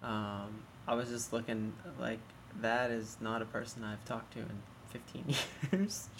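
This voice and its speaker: A man in casual chat, retelling awkward exchanges in a wry, deadpan way. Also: fairly low pitch, unhurried, noisy background.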